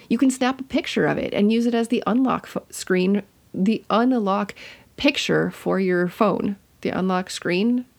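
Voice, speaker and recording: A woman's voice: medium pitch, gravelly, breathy edge. A woman hosting a podcast, talking casually as she teaches listeners, chatty and correcting herself as she goes. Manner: chatty and warm-hearted, with self-corrections. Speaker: podcast host.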